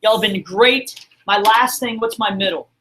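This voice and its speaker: A man's voice: sits high, moderate pace, fairly bright tone, slight background noise. A man teaching a math class in a classroom, upbeat and encouraging as he quizzes his students. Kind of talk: classroom lesson streamed online.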